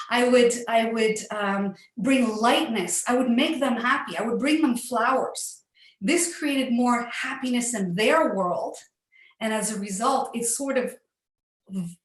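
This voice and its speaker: A middle-aged woman telling a personal story in an earnest, upbeat way, laughing often. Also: a little high. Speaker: facilitator. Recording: echoey room.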